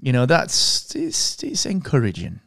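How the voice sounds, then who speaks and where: A man's voice: medium pitch, huge pitch swings, a little slow, vocal fry, a bit bright, no echo, clean studio sound. A man co-hosting a podcast in casual chat, enthusiastic and friendly, calling his co-host mate and dude.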